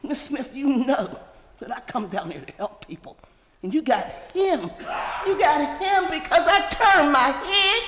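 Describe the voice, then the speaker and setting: A woman's voice: high-pitched, animated, a little slow, noisy background. Indignant woman confronting a council. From Pittsburgh, USA. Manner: angry, indignant, confronting council members directly. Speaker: public commenter at a city council meeting. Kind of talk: impassioned public comment. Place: large council chamber. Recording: echoey hall with long reverb.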